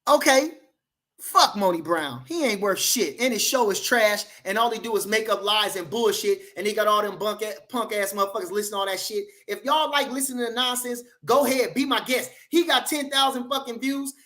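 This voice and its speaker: A man hosting a boxing channel livestream, reading the chat and trash-talking loudly and profanely, with many "you know" fillers. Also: high voice, fairly quick. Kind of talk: livestream rant.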